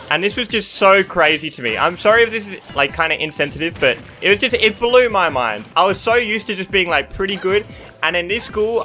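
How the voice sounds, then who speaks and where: A man in his twenties chats through school stories as he plays, his voice bright and lively. He keeps breaking off to react to the game. Game music plays softly underneath. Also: high-pitched, fairly quick. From Australia. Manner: animated, breaks off mid-story to react to the game. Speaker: gaming YouTuber. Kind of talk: storytelling while playing a video game.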